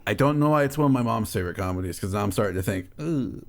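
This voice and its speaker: A man co-hosting a casual podcast through a headset, rambling and swearing, often trailing off quietly. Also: fairly low pitch, expressive, racing. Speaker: podcast co-host. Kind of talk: casual chat.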